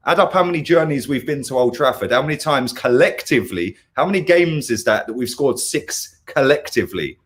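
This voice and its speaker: A man's voice: medium pitch, lively intonation, brisk, few pauses. Man, angry, ranting, swearing, football fan host, repetitive "yeah? right?". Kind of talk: heated football chat.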